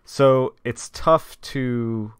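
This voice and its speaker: A man's voice: mid-range voice, extremely slow, smooth. A young man chatting casually with his viewers on a live stream, rambling and talking straight to them.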